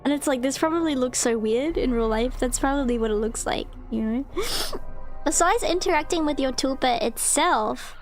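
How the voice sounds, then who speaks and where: A VTuber streamer with a high, sparkly voice runs a relaxed live stream, reading a passage in a loose, talkative style full of "um" and "like." Giggles and squeaky exclamations of disbelief keep interrupting her. She talks briskly with barely any pauses, and soft music plays in the background.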